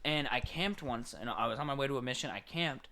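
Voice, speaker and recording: A young man co-hosting a casual podcast, telling game stories with lively acted-out voices. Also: mid-range voice, a little fast. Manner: animated storyteller, acts out game characters. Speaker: podcast co-host. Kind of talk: casual chat.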